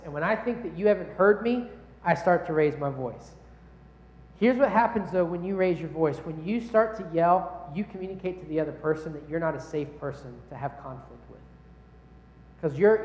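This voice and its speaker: Animated man preaching in an echoey hall. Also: on the high side. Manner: animated, conversational preaching with rhetorical questions. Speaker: pastor. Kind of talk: sermon.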